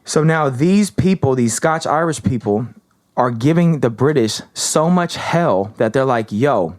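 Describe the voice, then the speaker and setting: A man hosting a casual podcast, telling a story in an animated, slangy way with plenty of swearing. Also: medium pitch, measured pace. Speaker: podcast host.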